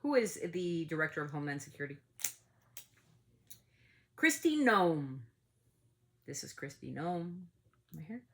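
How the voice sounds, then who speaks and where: Low-voiced outspoken woman podcast host. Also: animated, quick pace, gravelly. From United States. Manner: heated, outspoken, swears freely. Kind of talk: casual opinion talk.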